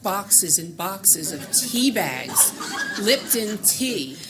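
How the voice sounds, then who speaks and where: A woman's voice: medium pitch, big pitch swings, very slow, over loud music. A woman in an audience answering a medium, briefly at first and then telling a story. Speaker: audience member.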